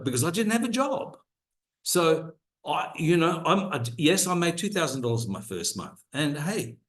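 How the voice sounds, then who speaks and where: A man's voice: medium pitch, a bit bright. A middle-aged man coaching his team on a video call, earnest and promising, with frequent restarts. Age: 40s or older. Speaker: co-host, business coach. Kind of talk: motivational call talk.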